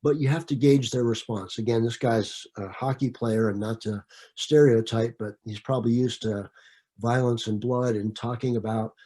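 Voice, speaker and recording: A man's voice: mid-range voice, fairly even intonation, moderate pace, mellow. A man leading an online training session, talking conversationally and answering participants' comments by name, with frequent fillers and restarts.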